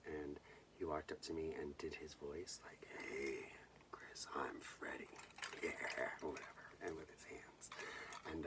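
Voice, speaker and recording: A young man from Southern California hosting a bedtime movie vlog, telling a personal story in a soft, hushed way that often drops to a whisper. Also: extremely low pitch, recorded from a distance, noisy background. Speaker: host.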